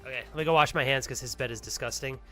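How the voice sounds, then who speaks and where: A man's voice: medium pitch, very fast, sharp tone, faint music behind. A young adult man streaming a game live, chatting casually and earnestly thanking viewers by name. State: out of breath.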